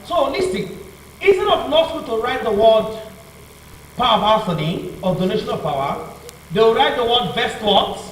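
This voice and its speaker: A man's voice: very high voice, lively intonation, moderate pace, a little hiss or hum. A male law teacher giving a revision lecture, asking the class to finish his sentences with "what?". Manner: call-and-response questioning, repeats "what?" for the class to fill in. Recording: echoey room, mic far off, faint ambience.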